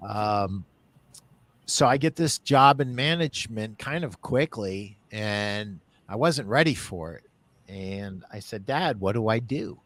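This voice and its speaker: A man hosting a podcast interview, telling stories in a casual, animated way and laughing easily. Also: fairly low pitch, takes it slowly, dry recording. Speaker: podcast host.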